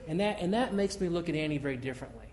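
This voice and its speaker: A middle-aged man delivers a sermon in an easygoing, conversational way, stumbling over and repeating words as he thinks aloud. His voice sits a little high for a man. He talks to the congregation as if chatting with them. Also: expressive, rapid-fire, a little mellow, a little hiss or hum. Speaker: pastor.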